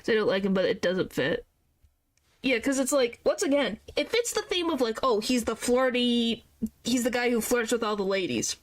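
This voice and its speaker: Animated high-voiced woman streamer. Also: moderate pace. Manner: animated, exclaiming, rambling. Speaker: game streamer. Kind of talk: casual gameplay commentary.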